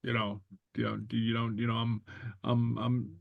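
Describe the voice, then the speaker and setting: A man teaching a language class, explaining slowly and stopping often with fillers and repeated okays. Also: medium pitch, completely flat delivery, vocal fry, no room sound, narrow, tinny audio. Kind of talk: relaxed online class explanation.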